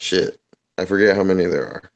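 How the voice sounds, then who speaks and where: A man's voice: sits low, steady tone, brisk, muffled recording. A man in casual chat on a voice call, telling rambling, profane stories and laughing often. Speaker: podcast host.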